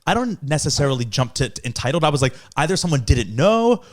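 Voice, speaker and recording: Fast and a little high-pitched, a young man co-hosting a podcast recounts a story in casual conversation. He performs the quoted voices of the people involved, keeping the retelling animated.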